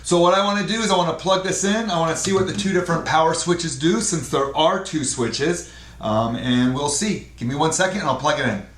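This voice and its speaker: A man's voice: fairly high pitch, a little fast, a bit bright. A man giving a casual unboxing review, explaining a product step by step at his desk. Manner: plain, explaining step by step with fillers. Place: indoor room at a desk. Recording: echoey room, faint noise.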